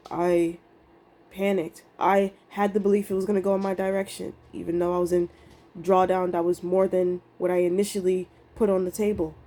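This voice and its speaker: A woman's voice: fairly low pitch, level tone, normal speed, dark tone. A young woman vlogging about her trading day, emotional and rambling, swearing casually as she talks. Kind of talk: candid emotional vlog monologue.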